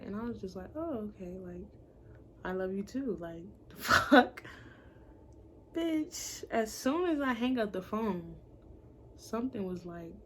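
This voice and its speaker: This casual storytime vlog features a young woman whose medium-pitched voice has a gravelly edge. Profane and blunt, she performs the voices of whoever she's quoting, while a faint background hiss runs underneath.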